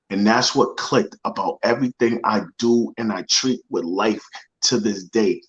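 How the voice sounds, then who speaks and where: A man's voice: on the low side, a little slow, lo-fi sound. A man speaking as a motivational guest, telling a personal story in conversation, earnest and often repeating phrases as he searches for words.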